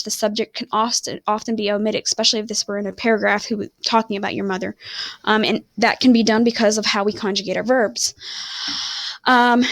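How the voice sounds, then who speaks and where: A woman's voice: a little high, gravelly, no room sound. A woman teaching a recorded online lesson, rambling and often stopping to correct herself. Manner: self-correcting, apologetic, rambling. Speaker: Spanish teacher.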